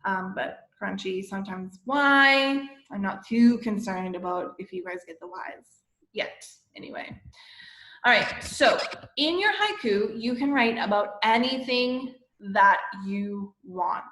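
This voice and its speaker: A woman teacher giving a lesson to young children, explaining slowly and patiently and often checking with "okay?". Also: mid-range voice, expressive, fairly bright tone. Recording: echoey room.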